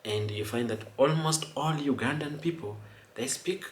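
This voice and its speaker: A man's voice: medium pitch, moderate pace, echoey room. A man giving casual commentary, rambling and repeating words, often checking if the listener understands. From Kenya. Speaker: host.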